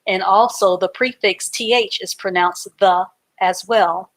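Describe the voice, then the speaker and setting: A woman's voice: mid-range voice, fairly even intonation, moderate pace, a bit bright. A woman teaching a live online reading class, patiently spelling words out letter by letter and explaining them simply.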